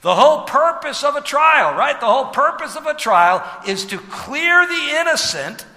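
A man preaching a sermon as pastor, animated, with rhetorical asides and sudden drops to a hush. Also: very high-pitched, normal speed, big-room sound.

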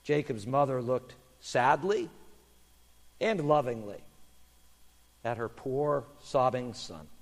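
A man pastor telling a children's sermon story in an animated way, then praying quietly. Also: medium pitch, takes it slowly, long pauses. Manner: animated storyteller, hushed in prayer. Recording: long hall reverb.

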